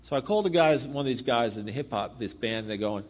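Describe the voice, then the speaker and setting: A man's voice: mid-range voice, expressive, fast, few pauses. A middle-aged man giving a rambling personal testimony, repeating phrases and laughing as he talks. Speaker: speaker sharing recovery story. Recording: dull lo-fi recording with faint noise.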